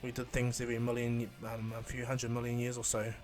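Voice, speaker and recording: A haughty, boastful destroyer god, as a man voices him in a fan retelling, proud and sulky. Middling pitch, told over faint music. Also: monotone, brisk, a little mellow, natural voice.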